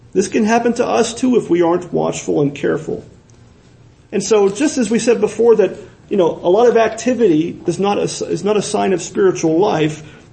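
Pastor, male, earnest sermon delivery with rhetorical questions; dark, mellow tone. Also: high voice, gravelly, low-quality recording. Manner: earnest, repeats words for emphasis, asks rhetorical questions.

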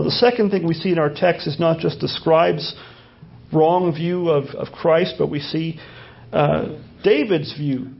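A man's voice: fairly high pitch, vocal fry. A man preaching a sermon as pastor, teaching through a passage, repeating phrases and asking rhetorical questions. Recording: dull lo-fi sermon recording.

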